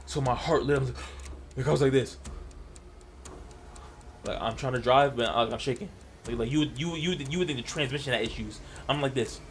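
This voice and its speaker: Fast-talking man telling a story. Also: medium pitch, slight background noise. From Delaware, US. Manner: animated, stammering, acts out his own past lines. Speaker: storytelling vlogger. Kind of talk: casual storytime.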